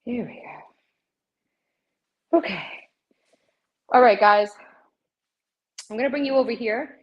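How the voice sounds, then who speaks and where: A woman's voice: a little high, slow, highs cut off. A woman hosting a live shopping stream from her home gym, chatting straight to her viewers and out of breath from a cardio workout. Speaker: livestream host showing fitness products.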